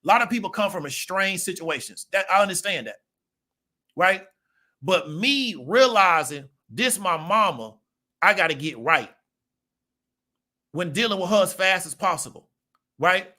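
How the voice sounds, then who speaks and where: Guy in his 30s talkin AAVE, bright kinda higher voice, keeps asking "right?". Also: lively intonation, measured pace, long pauses. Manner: conversational, rhetorical "right?" check-ins. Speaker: channel host. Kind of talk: casual monologue to camera.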